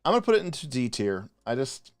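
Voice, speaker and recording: A man co-hosting a live stream, ranting passionately in a casual, animated way with frequent restarts. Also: medium pitch, quick pace, no echo, studio quality. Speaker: podcast co-host reviewing game spells.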